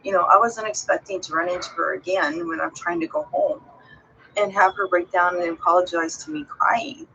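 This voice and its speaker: A woman's voice: on the low side, animated, moderate pace, vocal fry, pushed and bright, muffled recording, slight background noise. A woman vlogger talking to her viewers in a casual, heartfelt way, rambling and earnest as she encourages them.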